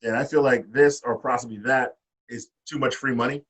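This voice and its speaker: A man's voice: medium pitch, fairly even intonation, brisk, a bit bright, slightly rough, far from the mic, rough recording. A man hosting a casual wrestling podcast, cursing freely as he reads his shorthand match notes. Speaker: podcast host.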